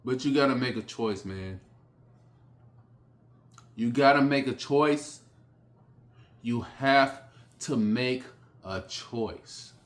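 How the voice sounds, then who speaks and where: A man giving a blunt motivational speech, repeating short phrases with sudden forceful rises. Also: mid-range voice. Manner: blunt, repetitive, hammering phrases; slow, emphatic delivery with sudden loud rises. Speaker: motivational speaker.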